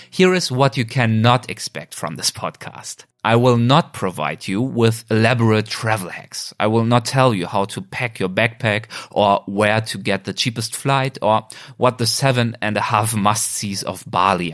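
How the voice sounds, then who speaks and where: A man with a German accent, a native German speaker, hosting a podcast and reading a measured, earnest scripted introduction. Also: fairly low pitch, fairly bright tone. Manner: earnest, measured, slightly lofty. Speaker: podcast host.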